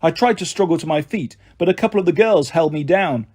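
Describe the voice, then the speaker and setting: A man narrating a first-person audiobook with an expressive, dramatic delivery. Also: fairly high pitch, fairly quick, slightly rough.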